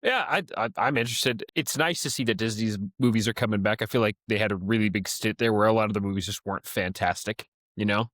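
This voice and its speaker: A man's voice: on the low side, fast, hardly any pauses, fairly bright tone, no echo, clean studio sound. A young man co-hosting a podcast, talking in easygoing casual chat. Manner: easygoing, brief replies. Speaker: podcast co-host.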